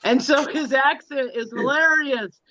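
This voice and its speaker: A middle-aged man chatting casually on a livestream, enthusiastic and quick to laugh. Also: very high-pitched, sharp tone, dry recording. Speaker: guest in a livestream chat. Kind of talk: casual chat. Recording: dry, dull lo-fi sound.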